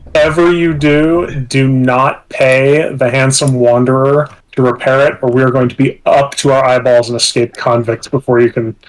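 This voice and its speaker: A man playing a tabletop game, speaking in character in a gently formal, measured way. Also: mid-range voice, flat delivery, rough recording. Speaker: player.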